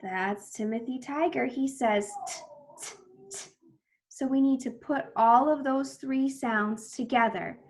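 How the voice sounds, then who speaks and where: Brief: young woman teacher, higher voice, unhurried, stretches out letter sounds for small kids, breaks into big excited praise. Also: slight background noise. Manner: slow, exaggerated phonics sounds with bursts of excited praise. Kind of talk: early reading lesson for children.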